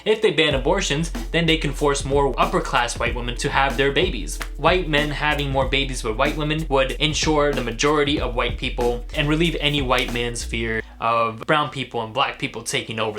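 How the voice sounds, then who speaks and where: A man's voice: medium pitch, steady tone, moderate pace, hardly any pauses, bright, forceful tone. A young man giving an impassioned, indignant and sarcastic commentary vlog, talking straight to his viewers. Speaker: political commentary vlogger.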